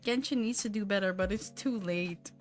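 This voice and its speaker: A woman's voice: medium pitch, moderate pace, faint music behind. A young woman chatting on a livestream while she draws, rambling, swearing and laughing often. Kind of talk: casual chat while drawing.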